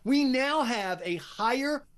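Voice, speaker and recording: An American man appearing as a guest commentator on talk radio, speaking in a brisk, wry, opinionated way. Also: extremely high pitch, lively intonation, a bit bright. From United States.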